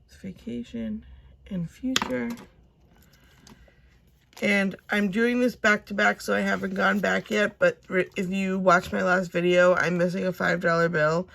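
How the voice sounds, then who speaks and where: Chatty woman with a gravelly edge. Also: medium pitch, little pitch movement, measured pace, a bit bright, a little hiss or hum. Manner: chatty, rambling, self-talk with fillers. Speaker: cash budgeting vlogger. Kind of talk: casual chat to camera.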